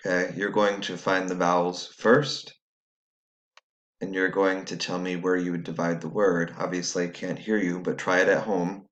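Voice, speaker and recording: A man's voice: low-pitched, level tone, normal speed, fairly bright tone, muffled recording. A man teaching a recorded phonics lesson, patiently explaining step by step to students at home.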